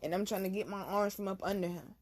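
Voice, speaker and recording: A woman hosting her own channel, telling a personal story to camera in blunt, profane street slang, hushed one moment and loud the next. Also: medium pitch, fast talker. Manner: swings from hushed to loud bursts. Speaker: channel host.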